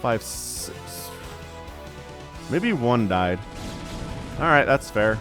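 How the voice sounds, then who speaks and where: A man's voice: mid-range voice, drawn-out words, over music. Chatty man casting a strategy game. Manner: chatty, rambling asides, easily excited. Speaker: esports caster. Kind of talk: solo game commentary.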